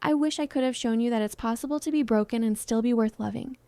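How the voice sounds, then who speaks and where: A woman voicing a soft, pleading heartbroken star. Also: a little high, quick pace, smooth, no room sound, natural voice. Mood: tender. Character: heartbroken film star woman in her thirties, tender and pleading. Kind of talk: dramatized story reading.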